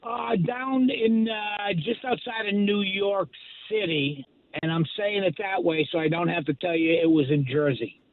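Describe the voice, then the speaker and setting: A man's voice: sits high, a little slow. An older man, a stand-up comedian, telling stories in a radio interview with dry, self-deprecating humor and lots of fillers. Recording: tinny phone line.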